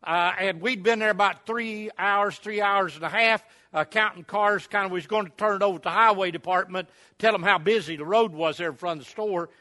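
A man's voice: sits high, brisk, hardly any pauses, pushed and bright. A man, preaching at a camp meeting and telling a folksy, rambling story with many fillers. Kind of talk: sermon storytelling.

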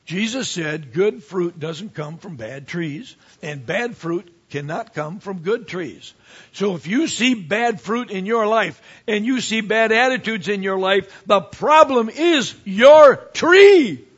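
A man who is a pastor, preaching a sermon with animated swings from quiet asides to emphatic rises. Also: high voice, unhurried, husky, dull audio.

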